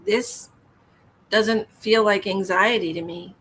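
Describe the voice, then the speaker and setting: A woman's voice: mid-range voice, sing-song, slow, fairly bright tone, husky. Soothing woman giving live psychic readings. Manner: soothing, calls viewers hun and honey, reads comments aloud. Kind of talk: live-stream reading to viewers.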